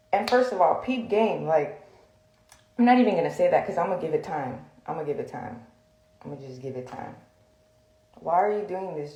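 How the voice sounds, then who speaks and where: A woman's voice: on the low side, mellow, echoey room, rough recording. A woman venting heatedly on a livestream, confrontational and full of fillers, recorded on a phone in a room.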